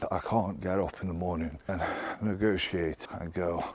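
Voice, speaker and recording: Young male vlogger, deep, casual and chatty, loose delivery. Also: steady tone, normal speed, few pauses, a little mellow, slight background noise. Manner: chatty, rambling, swears casually. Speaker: fitness vlogger. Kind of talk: casual vlog monologue.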